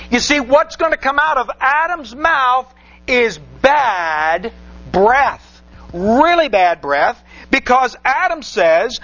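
Male preacher, very high voice, rhetorical and repetitive; dull lo-fi sermon recording. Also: sing-song, slow, bright, forceful tone. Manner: rhetorical questions, repeats phrases for emphasis. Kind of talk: sermon with scripture reading.

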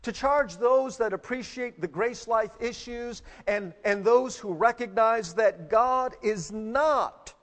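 A male pastor preaching a sermon, telling a story with pauses and fillers before building to emphatic preaching. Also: extremely high pitch, fairly bright tone, long reverb tail.

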